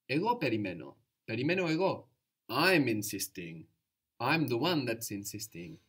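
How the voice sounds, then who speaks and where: Male teacher, calm and patient, walks a student through phrases step by step. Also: mid-range voice, normal speed, husky. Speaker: language teacher. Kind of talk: guided language lesson.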